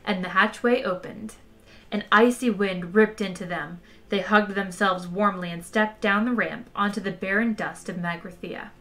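Casting: woman reading a novel aloud, worn-out voice, bright, relaxed and chatty. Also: mid-range voice, moderate pace. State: tired voice. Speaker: audiobook reader.

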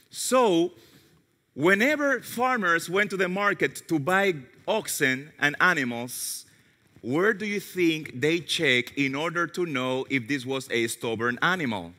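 Man preaching, high lively voice, very bright and forceful tone, animated storytelling, echoing hall. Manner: animated storytelling, self-mocking humor, drops to a hushed low voice for quoted words. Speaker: pastor. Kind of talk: sermon. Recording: long reverb of a large hall.

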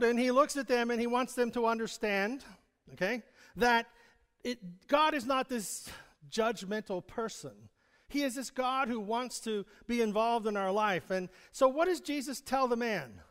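A man's voice: very high-pitched, measured pace, a bit bright, smooth. A man preaching a sermon to his congregation, speaking in a conversational way, chuckling often and putting questions to the people in the pews. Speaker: pastor. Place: church sanctuary. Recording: long hall reverb.

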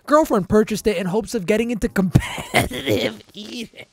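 A man's voice: high voice, expressive, moderate pace, vocal fry. A man hosting a price-guessing game on a live stream, brash and profane, joking with chat. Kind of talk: casual live-stream banter.

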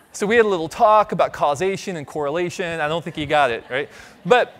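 High-voiced man giving a keynote. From Ohio. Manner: animated storytelling, audience asides, light humor. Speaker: conference speaker. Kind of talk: keynote talk with audience questions. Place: conference stage.

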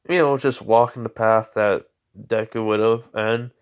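A man's voice: lowish voice, fairly even intonation, unhurried, clear, resonant tone, highs cut off. Rambling young man telling a story. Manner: rambling, full of "you know" and "as" fillers. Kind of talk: improvised fan-fiction narration.

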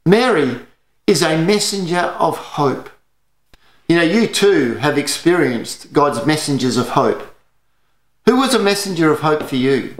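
Earnest Australian pastor in an echoey room. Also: male voice, fairly high pitch, animated, unhurried. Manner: earnest storytelling preaching. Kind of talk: sermon.

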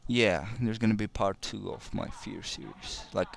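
A man's voice: on the low side, normal speed, vocal fry. A man casually commenting while playing a shooter game, rambling and often restarting words. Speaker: let's play commentator.

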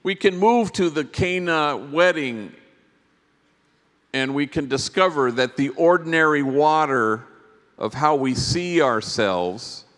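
A priest giving a reflective storytelling talk to a conference audience, unhurried, with long pauses between phrases. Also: male voice, medium pitch, fairly bright tone. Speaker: priest and speaker. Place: large conference hall. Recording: long reverb of a big hall.

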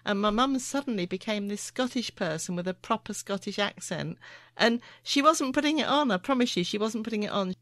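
A woman hosting a podcast, talking in a thoughtful, measured, musing way. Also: mid-range voice, expressive, fairly bright tone, no room sound. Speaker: podcast host. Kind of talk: reflective podcast conversation.

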